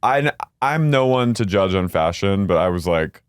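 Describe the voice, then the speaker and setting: Lively gay man recapping reality TV. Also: low-pitched, normal speed, clear, resonant tone, no room sound, clean studio sound. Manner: animated, imitates people in exaggerated voices. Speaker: podcast co-host. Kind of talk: comedic recap chat.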